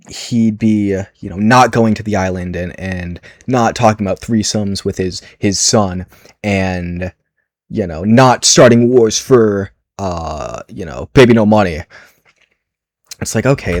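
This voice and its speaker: A man riffs through a deadpan, ironic comedy monologue, rambling and stacking fillers and restarts. His voice sits a little low, and he keeps an unhurried, offhand delivery. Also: dry recording, studio quality. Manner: rambling, deadpan, heavy internet slang, many fillers. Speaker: comedy video creator.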